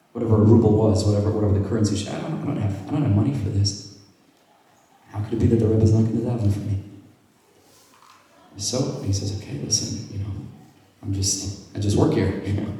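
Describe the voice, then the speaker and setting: A male rabbi telling a story at a gathering, acting out the dialogue and sometimes dropping to a hushed voice. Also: fairly low pitch. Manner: acts out quoted dialogue, drops to hushed tones. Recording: echoey hall from far off.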